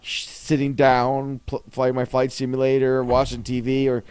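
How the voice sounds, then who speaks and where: A man's voice: mid-range voice, monotone, moderate pace, a little mellow, clear, resonant tone. A man co-hosting a podcast in casual chat, swearing often and rambling with laughs. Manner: profane, laughing, rambling banter. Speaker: podcast co-host.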